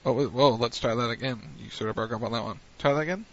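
A man's voice: mid-range voice, quick pace, dry recording. A man hosting a wrestling recap show on internet radio, chatting casually and rambling with lots of fillers. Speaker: wrestling podcast host. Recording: muffled lo-fi radio stream.

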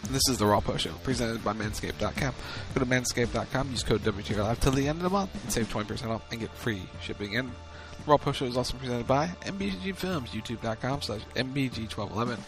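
A man hosting a casual wrestling recap show, playful, with quick sponsor reads. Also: mid-range voice, animated, over music, poor audio. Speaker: host.

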